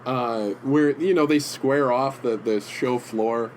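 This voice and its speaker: Man, mid-pitched voice, rambling and halting, casual podcast chat, faint room hum. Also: darkish tone, poor audio. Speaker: podcast co-host. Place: indoor room with comic prints.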